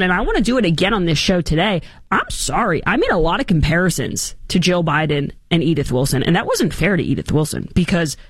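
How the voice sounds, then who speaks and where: A woman hosts an opinionated commentary show and talks with wide swings of pitch. She mocks the people she talks about and acts out their words. The sound is dry and close. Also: slightly rough, dry recording. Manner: animated, mocking, acts out quotes.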